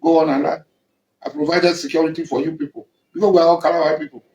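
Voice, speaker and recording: A man's voice: a little high, fairly even intonation, quick pace, darkish tone, roomy sound, poor audio. A man with a Nigerian accent giving an angry, accusing public statement, confronting someone directly and repeating his points. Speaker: militant leader addressing rivals.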